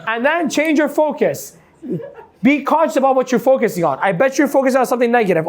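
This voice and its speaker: A man giving an energetic motivational seminar talk, quizzing a live audience with "yes or no?" and playing out examples. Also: extremely high pitch, a little fast. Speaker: motivational coach.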